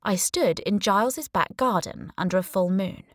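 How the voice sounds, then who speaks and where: A woman's voice: mid-range voice, animated, normal speed, no echo. A young adult woman narrating a thriller audiobook in the first person, with a dry, wry manner.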